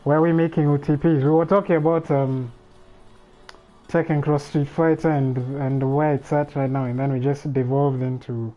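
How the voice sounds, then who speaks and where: A man's voice: a little high, little pitch movement, normal speed, lo-fi sound, faint music behind. A man hosting a casual livestream alone, thinking aloud in a rambling way with frequent restarts. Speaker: livestream host. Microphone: streaming microphone.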